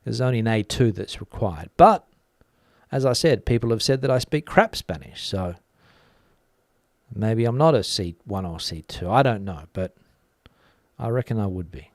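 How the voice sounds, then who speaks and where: Reading chat comments aloud on his casual livestream, a middle-aged Australian host hesitates often, filling gaps with "uh" and leaving long pauses. His lowish, darkish voice is animated at a normal speed, on a dry, clean studio recording.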